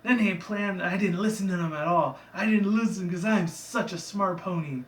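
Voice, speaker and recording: A man voicing an eager, sycophantic male cartoon pony with a high, fawning voice. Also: normal speed, fairly bright tone, reverberant, recorded from a distance.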